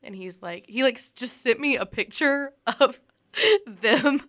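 A woman's voice: a little high, unhurried, a bit bright. A young woman co-hosting a podcast in casual chat, telling stories and laughing often. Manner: chatty storytelling, laughing often. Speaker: podcast co-host.

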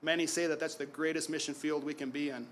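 A pastor in his forties preaches to his congregation with a voice that sits a little higher than most men's. He pushes phrases out loudly, then sinks to a low, quiet hush to land a point, with strong emphatic delivery. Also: flat delivery, fast talker, a little hiss or hum. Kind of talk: sermon.

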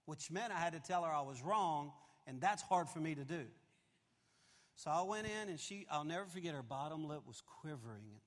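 A man in his fifties preaching a confessional story sermon, animated and swinging from loud to hushed, in a large church auditorium. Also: a little high, moderate pace. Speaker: pastor. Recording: long hall reverb.

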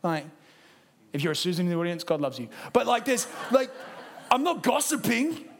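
High-voiced Australian man preaching. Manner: lively, conversational, acts out quick impressions. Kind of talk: sermon. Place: church service.

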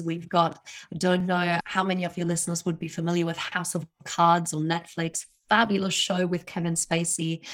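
A woman giving confident, emphatic expert advice as a guest in a podcast interview, laughing now and then at her own points. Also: on the low side. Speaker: communication coach, guest.

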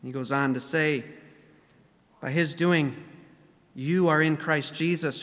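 A man preaching a sermon as pastor, speaking deliberately, slowing down and repeating key phrases for emphasis. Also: fairly high pitch, fairly bright tone, in a large hall. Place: church sanctuary.

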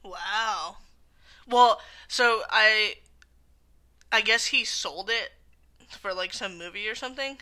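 Bright-voiced woman co-hosting a casual chat. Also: medium pitch, takes it slowly, long pauses. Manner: chatty, quotes people in play-acted lines. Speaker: podcast co-host.

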